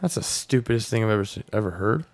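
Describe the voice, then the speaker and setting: A man's voice: fairly low pitch, animated, quick pace, a little mellow. A man co-hosting a casual podcast, answering bluntly with short profane quips. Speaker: podcast co-host. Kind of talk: casual banter.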